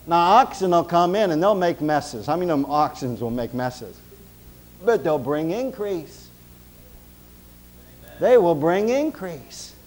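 A man preaching a sermon as pastor, emphatic, swinging between loud stresses and hushed closing prayer. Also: a little high, big pitch swings, a little slow, pauses often, low-quality recording.

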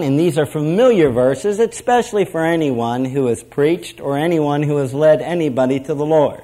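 A man's voice: fairly high pitch, darkish tone. A middle-aged man preaching a sermon to a prison ministry audience, emphatic and repetitive, leading the audience to repeat lines.

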